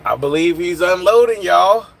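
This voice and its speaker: A man's voice: sits high, animated, normal speed, creaky. Chatty man on a phone livestream. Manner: rambling, chatty, answers chat comments. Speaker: livestream host. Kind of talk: casual live chat with viewers.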